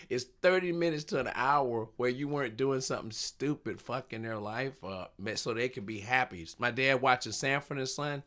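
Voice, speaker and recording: A man's voice: mid-range voice, moderate pace. A man who is a comedian, telling stage stories in casual chat, acting out the voices of the people in them and laughing often. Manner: animated storyteller, acts out voices, laughs often.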